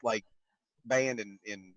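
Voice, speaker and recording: A man's voice: fairly low pitch, fairly even intonation, takes it slowly, fairly bright tone, dry recording, highs cut off. A man joking playfully on a live-stream panel and quoting comedy lines. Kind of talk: casual live-stream chat.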